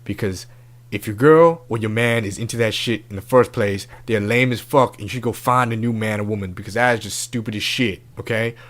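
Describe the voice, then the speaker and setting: A man's voice: on the low side, a little fast, fairly bright tone, close to an everyday voice. A man doing a crude, swaggering love doctor. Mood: brash. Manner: swaggering, profane slang-heavy talk. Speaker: comedy podcast host. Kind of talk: comedic podcast character bit.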